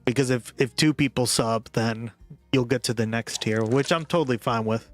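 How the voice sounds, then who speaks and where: A man's voice: mid-range voice, moderate pace. A man livestreaming and chatting casually with viewers, rambling and full of "like" and "right?", with faint music behind him.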